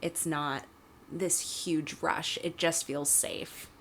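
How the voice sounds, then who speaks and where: Brief: deep-voiced woman podcast co-host, reflective chat, faint noise behind. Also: steady tone, slow, fairly bright tone. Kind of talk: casual chat.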